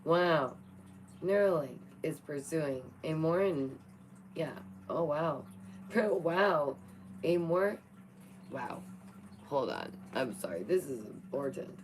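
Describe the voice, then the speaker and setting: A young woman chats playfully through the news, her voice sitting on the low side. Faint noise hums behind her. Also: lively intonation, slow, a little mellow, rough recording. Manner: playful, chatty, talks to her cat between reading. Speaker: vlogger. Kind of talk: casual chat reacting to news.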